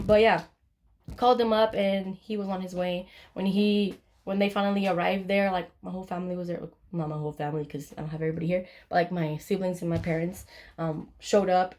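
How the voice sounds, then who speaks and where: A woman's voice: medium pitch, darkish tone. A young woman recounts a personal story straight to her camera in a loose, casual way. She swears freely and jumps into the voices of the people in her story as she goes. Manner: candid, swears freely, acts out her own quotes. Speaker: vlogger.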